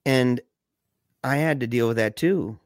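A talkative man on a casual podcast, with a mid-range voice that climbs when he gets excited and sinks low and quiet for grave memories. He stumbles and restarts his sentences often, peppering them with "you know" and "man". The recording is dry and close, with no room echo. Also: a little slow. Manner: animated, pitch jumps up when excited, drops low and quiet for somber stories. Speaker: podcast co-host discussing a film. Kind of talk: casual conversational discussion.

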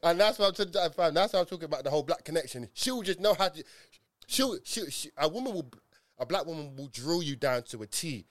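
Animated young man, dry sound. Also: on the high side, fairly quick, no echo. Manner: animated storytelling, full of slang. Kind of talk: casual chat.

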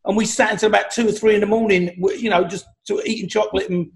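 A man on a panel telling rambling, animated stories, restarting words and swearing freely. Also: high voice, quick pace, gravelly. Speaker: actor on a panel. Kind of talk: rambling anecdotal storytelling.

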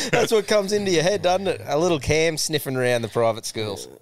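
A man's voice: a little high, lively intonation, normal speed. An Australian man hosting a podcast, bantering crudely with lots of swearing and laughter. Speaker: podcast host. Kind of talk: casual podcast chat.

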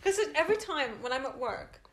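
A woman's voice: high voice, lively intonation, fast, a bit bright. Chatty, giggly woman podcast co-host. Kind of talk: casual chat.

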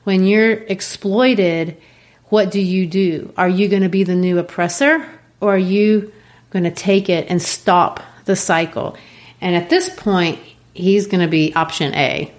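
A woman, a literature teacher, explaining a play in an animated way. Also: lowish voice, a little slow. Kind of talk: discussing a play.

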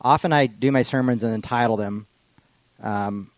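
A man's voice: mid-range voice, dry recording, poor audio. Casual digressive male preacher. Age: adult with children. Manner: casual and digressive, slows down for quotations. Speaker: pastor. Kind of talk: informal sermon.

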